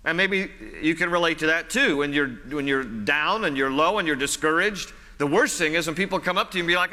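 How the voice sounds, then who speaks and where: A long, sanctuary-like reverb surrounds this male pastor's bright, slightly high voice. Speaking a little fast with few pauses, he keeps his sermon friendly and conversational, returning to his points and repeating phrases to stress them.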